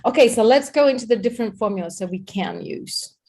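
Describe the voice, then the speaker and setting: Energetic woman coach, mellow voice. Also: a little high, fast talker. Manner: energetic, repeats words, talks to a co-host. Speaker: host and communication coach. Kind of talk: live-streamed coaching talk.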